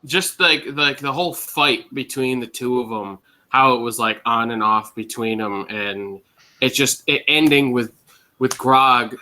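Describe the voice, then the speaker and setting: A man's voice: mid-range voice, bright, forceful tone. A man on a casual panel, recounting a moment unhurriedly and searching for words. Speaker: panel guest.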